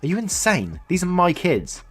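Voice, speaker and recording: A man's voice: high-pitched, wildly swooping pitch, moderate pace, fairly bright tone, slightly rough, faint music behind, pitched above the performer's own voice, exaggerated voice. A man voicing a young stepmother standing up to an angry stranger. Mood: indignant. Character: tiny, fierce young stepmother.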